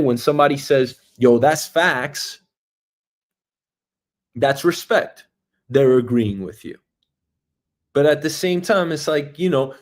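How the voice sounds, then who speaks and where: A middle-aged man with a New York accent hosting a casual comedic monologue, acting out the people he quotes. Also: mid-range voice. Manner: animated storytelling, acts out quoted voices. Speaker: host.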